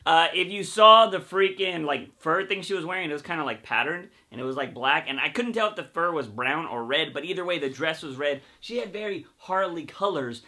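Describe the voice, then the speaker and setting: A young man giving a rambling, excitable fan recap of a TV episode, talking straight to his viewers. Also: sits high. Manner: excitable, rambling, says "freaking" a lot. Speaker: TV show recap vlogger. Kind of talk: casual fan commentary to camera.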